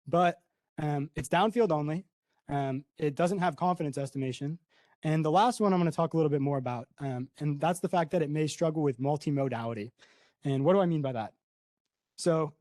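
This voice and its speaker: Young man, conference presenter, casual with ums, mellow, fairly high voice, dry sound. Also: no room sound. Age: young adult. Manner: casual, many ums and tag "right?". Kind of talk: academic talk explaining slides.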